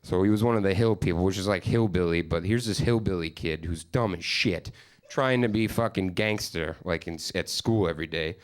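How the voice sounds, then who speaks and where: A man's voice: lowish voice, clean tone. A man from Upstate New York performing a stand-up comedy set, telling profane, rambling stories with mock-exasperated asides. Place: comedy stage with live studio audience.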